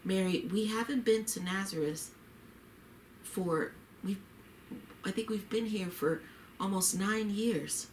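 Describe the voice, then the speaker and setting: A woman reading the lines of a tender, devout expectant wife in a story, gently and heartfelt. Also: mid-range voice, slow pace, long pauses, slight background noise, close to an everyday voice. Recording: roomy echo.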